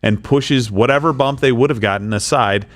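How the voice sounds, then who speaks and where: A man co-hosting comedic political commentary, animated and quick to laugh. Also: medium pitch. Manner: animated, laughs often, rapid riffing. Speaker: co-host.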